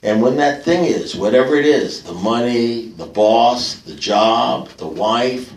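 An older man tells a wry, self-mocking story at a recovery meeting, landing his jokes with punch. His voice sits at a middle pitch. The recording picks him up from a distance in a roomy, echoing hall. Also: animated, a little slow. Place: meeting hall with live audience. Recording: echoey room, picked up from afar.

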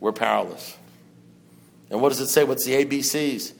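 A man's voice: medium pitch, moderate pace, gravelly. A man speaking at a recovery meeting, preaching with rhetorical questions and wry humor. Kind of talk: impassioned talk to a meeting. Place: meeting room with an audience.

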